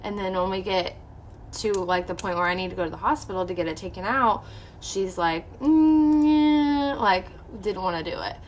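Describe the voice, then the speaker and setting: A woman's voice: fairly low pitch, fairly even intonation, brisk, fairly bright tone, a little hiss or hum. A young woman vlogger candidly telling a personal story to her viewers, emotional and full of "like". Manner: candid, emotional, heavy use of "like".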